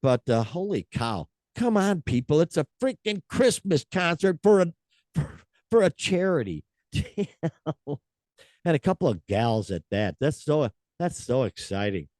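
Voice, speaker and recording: A man's voice: medium pitch, sing-song, a little slow, pauses often, a little mellow, no echo, studio quality. An older man hosting a podcast, chatting and reading rock news in a jokey, chuckling way. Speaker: podcast host. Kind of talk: casual chat, reading news.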